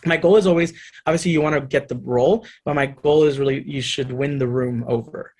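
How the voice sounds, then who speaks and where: A man, an actor as a guest, telling animated stories and acting out the voices of the people in them. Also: mid-range voice, brisk. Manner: lively, acts out other people's voices in his stories.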